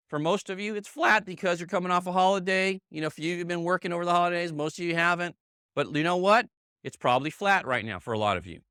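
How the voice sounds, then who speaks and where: A man's voice: on the high side, pushed and bright, smooth, no room sound, clean studio sound. A middle-aged man leading a motivational sales training for a room of colleagues, emphatic and repetitive, checking in with "okay?" and "right?" and calling on people by name. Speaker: sales team leader giving a training. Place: meeting room with a live audience.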